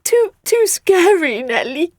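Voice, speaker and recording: A woman doing squeaky terrified little monsters. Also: sing-song, takes it slowly, no echo, clean studio sound, exaggerated voice. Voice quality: squeaky, whimpering. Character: small frightened male monster brothers, squeaky.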